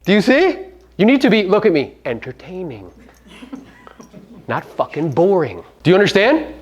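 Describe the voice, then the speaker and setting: A man coaching a live audience at a seminar, brash and profane, firing rhetorical questions at the room and swinging between loud punches and low asides. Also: big pitch swings, normal speed, muffled recording. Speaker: real estate coach and podcast host.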